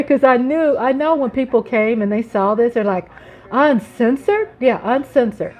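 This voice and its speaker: A woman's voice: a little high, normal speed, darkish tone. A middle-aged woman from the United States hosting a live chat stream, talking casually, laughing often and greeting viewers by name. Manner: chatty, laughing, reading out chat names.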